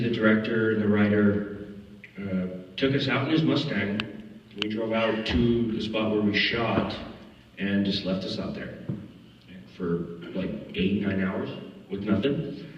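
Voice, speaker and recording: A man telling lively anecdotes at a film Q&A, acting out voices and laughing often. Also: fairly low pitch, slight background noise. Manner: animated storyteller, acts out quotes, laughs often. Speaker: actor answering audience questions. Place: festival screening hall. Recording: echoey hall from far off, dull audio.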